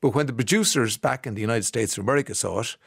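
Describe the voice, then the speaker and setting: A man's voice: mid-range voice, fast talker, gravelly, husky, no echo. An Irish man hosting a radio show, chatting casually and reading out listener messages in the studio. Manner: chatty, reads texts aloud and riffs on them. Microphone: studio microphone.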